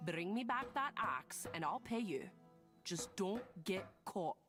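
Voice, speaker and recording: A woman's voice: medium pitch, lively intonation, slow. An actress voicing a stubborn, wary old farm woman in game dialogue, blunt and grumbling. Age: older. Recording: game audio with loud music underneath.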